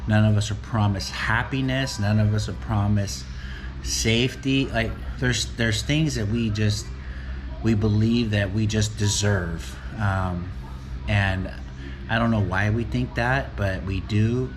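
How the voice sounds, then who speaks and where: A deep-voiced man muses in a loose, rambling way, often checking in with a quick "right?". There is steady noise in the recording behind him. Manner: rambling, keeps asking "right?". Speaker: motivational fitness vlogger. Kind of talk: casual reflective talk.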